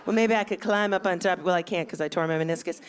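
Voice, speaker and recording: A woman voicing a middle-aged phone sex operator who keeps her voice low and sultry. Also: fast talker, noisy background, natural voice.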